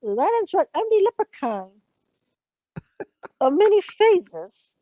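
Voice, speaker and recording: A boastful leprechaun , voiced by a woman, growling threats about its gold in a put-on Irish accent. The voice sits very high and swoops around. It comes through dull and lo-fi. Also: big pitch swings, slow, no echo, full character voice. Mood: menacing. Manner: gruff, menacing banter. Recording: dull lo-fi sound.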